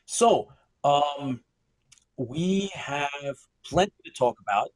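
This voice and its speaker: A man's voice: fairly high pitch, animated, takes it slowly, no echo, poor audio. A man hosting a live sci-fi news broadcast, upbeat, greeting viewers by name and laughing often. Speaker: host.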